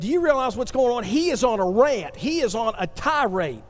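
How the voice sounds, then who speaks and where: A man preaching a sermon, building to emphatic swells and drawing phrases out slowly. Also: very high-pitched, very animated, in a large hall. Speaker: pastor.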